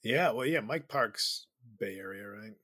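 A comedian from the Chicago suburbs, chatting as a podcast guest in a rambling, laughing, self-deprecating way. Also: male voice, fairly low pitch, expressive, unhurried, bright, forceful tone, dry recording, clean studio sound. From Chicago suburbs, USA. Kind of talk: casual storytelling chat.

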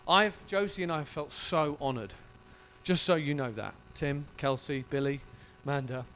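A male pastor preaching a sermon in an emotional, effusive and animated way. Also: fairly high pitch, normal speed, slight background noise.

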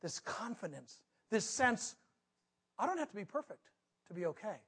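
A man preaching a sermon, telling a personal story with big swings between loud outbursts and hushed moments. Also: high voice, big pitch swings, moderate pace, husky. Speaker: pastor.

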